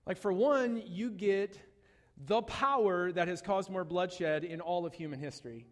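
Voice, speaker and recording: A man preaching a sermon, animated and conversational, with jokes and asides to the congregation. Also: high-pitched, a little slow, in a large hall. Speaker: pastor.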